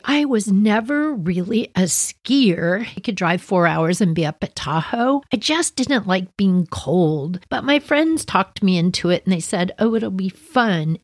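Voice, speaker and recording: A middle-aged woman, telling stories casually, animated and laughing as she acts out voices. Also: mid-range voice, dry recording, clean studio sound. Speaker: storyteller host. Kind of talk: casual spoken storytelling.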